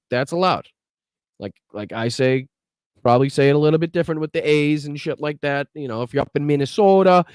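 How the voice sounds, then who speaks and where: A man's voice: mid-range voice, clear, resonant tone, dry recording, clean studio sound. A man hosting a political podcast livestream, talking bluntly and profanely while reacting to clips and greeting chat. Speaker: podcast host.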